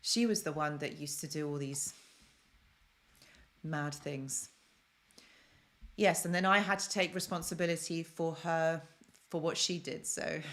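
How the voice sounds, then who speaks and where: A woman's voice: on the low side, a bit bright. A young woman from London hosts a casual self-help live stream, chatting and repeating phrases for emphasis while she answers viewer comments.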